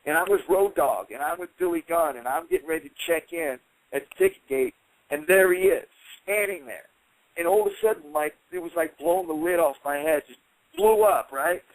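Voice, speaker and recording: A middle-aged man, a guest fighter, telling a story on a radio show with animated delivery, swearing and acting out the voices of others. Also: on the high side, moderate pace, dry recording, low-quality recording. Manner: swears, acts out quoted voices. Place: radio studio.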